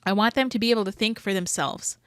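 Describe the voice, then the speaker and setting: A woman's voice: mid-range voice, fast, clean tone, dry recording, clean studio sound. A woman dog trainer giving rambling, opinionated reaction commentary full of hedges.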